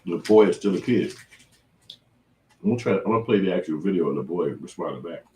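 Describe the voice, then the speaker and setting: A man's voice: sits low, expressive, fast, darkish tone, slight background noise. A man hosting a reaction commentary, talking in an indignant, lecturing way. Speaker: commentary host.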